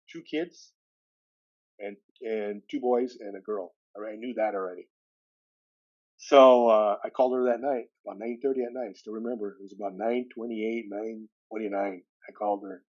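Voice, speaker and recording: A man's voice: fairly low pitch, normal speed, long pauses, muffled recording. A man, a podcast guest telling a personal story with acted-out dialogue. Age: 60s. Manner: lively retelling with acted-out dialogue.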